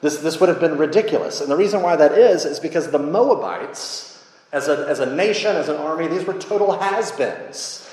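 A fairly high-voiced man preaches with lively, joking energy, talking to the room casually, like he is chatting with them. His voice rings out in a large hall with a long, echoing reverb. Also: normal speed. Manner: animated, humorous, conversational. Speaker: pastor. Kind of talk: sermon.

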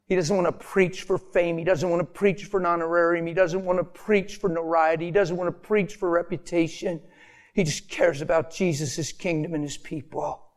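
Man preaching, gets emotional, repeats stuff for punch, slightly high voice. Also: normal speed. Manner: emotional, with rhetorical repetition and sudden drops to a near whisper. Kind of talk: impassioned sermon.

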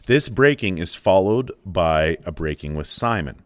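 Very deep-voiced man analyzing a novel. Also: animated, a little slow. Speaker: literature lecturer. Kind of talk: book analysis with read-aloud passages.

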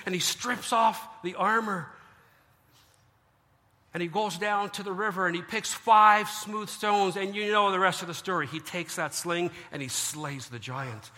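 A man preaching a lively sermon, joking and acting out the people of the story. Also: sits high, unhurried, long reverb tail. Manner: animated, joking, acts out biblical figures. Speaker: pastor.

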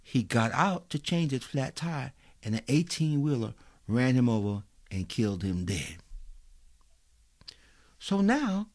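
A man's voice: mid-range voice, big pitch swings, a little slow, pauses often. A man preaching a sermon as a pastor, telling stories and speaking directly to his listeners.

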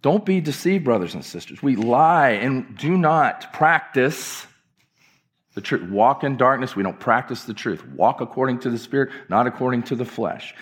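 A man's voice: medium pitch, animated, normal speed. A male pastor delivering an impassioned, emphatic church sermon with repeated phrases. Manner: impassioned, emphatic preaching with repetitions.

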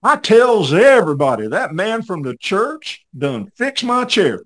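A man voicing a sweet elderly Southern grandmother, with a slow Southern drawl in a raised put-on voice. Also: high voice, big pitch swings, fairly bright tone, voice pushed up, exaggerated voice. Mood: fond.

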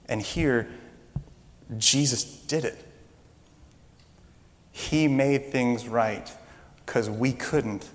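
A man preaching to his congregation, his mid-range voice trailing into a long hall reverb. He tells stories with animated energy, climbing in volume as he gets excited. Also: medium pitch, drawn-out words, pauses often. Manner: animated storytelling, rising loud when excited. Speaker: pastor. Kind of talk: sermon.

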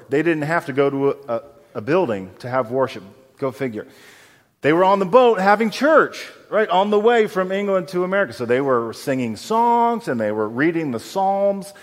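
Man, pastor, sermon, mid-pitched voice, acts out voices, long hall echo. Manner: animated storytelling, acts out quoted voices.

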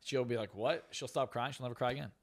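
With a steady, mid-range voice and rapid-fire delivery, a young male hypnotist and success coach speaks as a podcast interview guest. He's brash and blunt, peppering his talk with curses and emphatic jabs.

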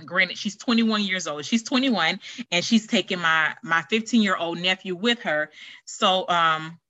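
A woman's voice: fairly low pitch, unhurried, sharp tone, no echo. A middle-aged woman hosting her own podcast, talking in a chatty, rambling way with lots of fillers and restarts. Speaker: podcast host. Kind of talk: casual solo podcast chat.

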